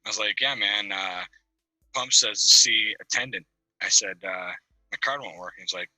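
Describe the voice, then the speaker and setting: A man on a video call telling a profane, animated story with bursts of laughter. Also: lowish voice, moderate pace, no echo, low-quality recording. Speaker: caller on a video call-in panel. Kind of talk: casual storytelling.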